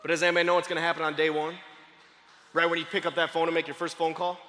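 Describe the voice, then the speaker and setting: A man giving a motivational sales training talk, fast-talking and excitable, often shouting. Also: a little high, a little hiss or hum. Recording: long hall reverb.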